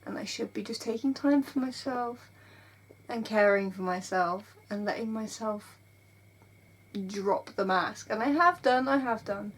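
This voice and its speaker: A woman's voice: on the high side, a little slow, husky. A woman, vlogging in a rambling, self-mocking way from an airbed in her bedroom. She is burnt out and tearful, and laughs often. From England. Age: 20s. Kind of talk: casual confessional vlog.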